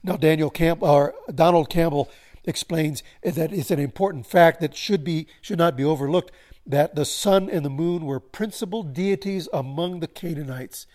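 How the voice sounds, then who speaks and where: A man preaching a sermon, swelling to emphasis and slowing into solemn pauses. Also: a little high, darkish tone. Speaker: pastor.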